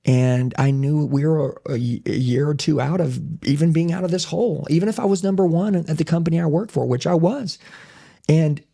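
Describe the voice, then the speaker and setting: A man's voice: fairly high pitch, a little fast, creaky, mellow. A middle-aged man telling his life story as a podcast guest, intense and emphatic, swearing casually. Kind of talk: conversational interview storytelling.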